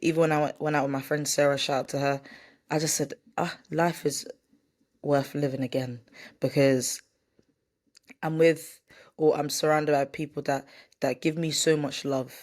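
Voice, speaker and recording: A woman's voice: low-pitched, little pitch movement, moderate pace, a little mellow. A woman talking candidly to camera in a casual vlog, rambling and correcting herself, sometimes reading from a script. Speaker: vlogger. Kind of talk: casual vlog chat, partly read from a script.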